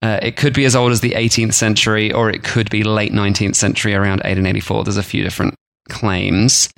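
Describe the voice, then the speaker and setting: A man's voice: lowish voice, flat delivery, quick pace, vocal fry, a bit bright, no echo. A man co-hosting a food podcast, chatting casually and jokily, often slipping into silly voices for imagined people. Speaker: podcast co-host.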